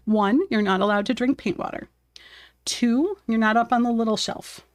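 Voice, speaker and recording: A woman's voice: a little high, moderate pace, no echo, clean studio sound. A woman chatting casually on a live art stream while she paints at her home desk, talking to her cat and viewers and laughing often.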